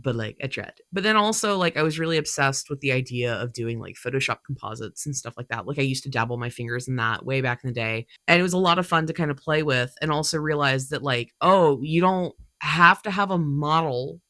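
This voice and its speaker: A woman's voice: rumbling low, fairly quick, fairly bright tone, dry recording, clean studio sound. A young woman talking casually about her cosplay hobby, chatty and full of fillers, her voice congested from allergies. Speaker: cosplay creator. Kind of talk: casual vlog talk.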